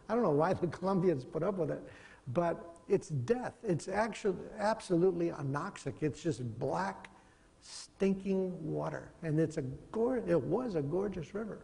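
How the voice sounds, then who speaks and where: A man's voice: fairly high pitch, gravelly, mellow, big-room sound. A middle-aged man giving a casual, conversational classroom lecture, wandering between points and chuckling as he goes. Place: lecture hall.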